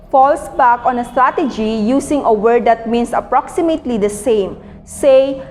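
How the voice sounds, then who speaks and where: A fairly high-voiced woman reads a textbook aloud as a lecture, careful and measured, now and then correcting a slip. Her voice carries a long reverb tail, as if it were recorded in a large hall. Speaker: teacher presenting a reading.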